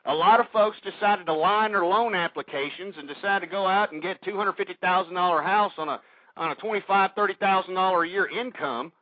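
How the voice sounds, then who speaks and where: A man's voice: high-pitched, fairly quick, no room sound. Ranting talk radio man with a Texan accent. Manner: heated, ranting, swears often, repeats himself. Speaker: radio show host. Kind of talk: political talk radio monologue. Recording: dull lo-fi radio recording.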